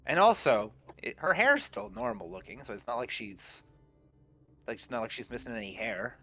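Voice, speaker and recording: A man playing a tabletop game, chatting casually in a halting, stammering way. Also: mid-range voice, animated, vocal fry, bright, forceful tone, faint music behind. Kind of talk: casual chat.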